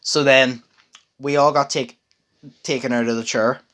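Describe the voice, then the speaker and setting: A man's voice: medium pitch, fairly even intonation, a little slow, a bit bright. Young man telling a rambling, sweary story. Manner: rambling, swears freely, many fillers and restarts. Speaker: storyteller in a casual chat. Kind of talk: casual chat.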